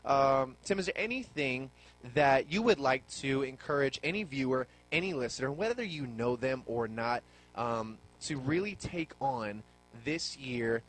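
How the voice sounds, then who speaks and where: A man's voice: mid-range voice, expressive, a little slow. Teasing, laid-back male radio host. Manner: playful teasing, laid-back with many fillers. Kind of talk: casual talk radio hosting.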